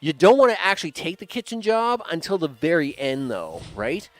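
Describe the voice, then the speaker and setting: A man's voice: fairly high pitch, big pitch swings, moderate pace. A man giving casual let's-play commentary, chatty, humming and laughing to himself as he plays. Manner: chatty, hums and laughs to himself, many fillers. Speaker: game streamer.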